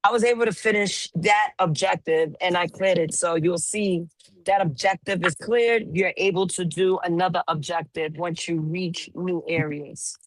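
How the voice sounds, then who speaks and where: Hoarse woman, playful and teasing. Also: lowish voice, normal speed, dry recording. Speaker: call-in panelist. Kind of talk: casual chat.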